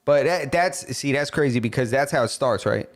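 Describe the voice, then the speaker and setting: A man's voice: medium pitch, normal speed. A man co-hosting a casual podcast, chatting loosely and slipping into silly voices for jokes. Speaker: podcast co-host.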